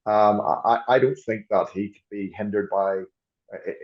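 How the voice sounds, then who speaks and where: In this podcast discussion, the guest, a male rugby coach, works through his thinking by restarting and repeating words. He has a lowish voice, a steady tone and a normal speaking speed, and the recording's high frequencies are cut off.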